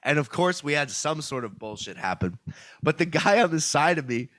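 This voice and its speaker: A man's voice: a little high, sing-song, moderate pace, fairly bright tone, no echo. A man co-hosting a casual comedy podcast, telling stories animatedly and swearing freely over a remote call. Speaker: podcast co-host.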